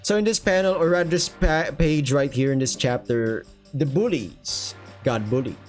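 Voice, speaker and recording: A man's voice: fairly high pitch, moderate pace. A young man reads a manga aloud, rambling through the panels with casual swearing and plenty of "uh"s. He talks from a room at home while faint guitar music plays behind him. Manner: rambling, profane, with filler words. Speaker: manga reviewer. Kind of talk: casual manga read-along commentary.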